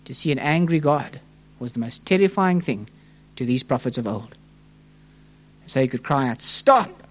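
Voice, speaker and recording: A man preaching with passion, his delivery swinging from hushed, heavy low tones to urgent raised appeals. He speaks to his listeners as friends and presses them with rhetorical questions, in a middle-pitched voice. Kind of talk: sermon.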